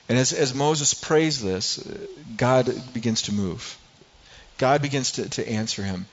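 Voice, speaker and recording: A man's voice: medium pitch, unhurried, muffled recording. A man preaching a sermon as a pastor, earnest and asking rhetorical questions.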